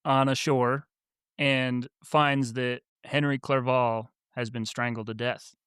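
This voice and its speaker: A man's voice: medium pitch, level tone, slow, fairly bright tone, clear, resonant tone, no room sound, studio quality. A man co-hosting a book podcast who recaps the plot in an easygoing way and laughs often. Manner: easygoing, laughs often while retelling the story. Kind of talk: casual chat, recapping the plot.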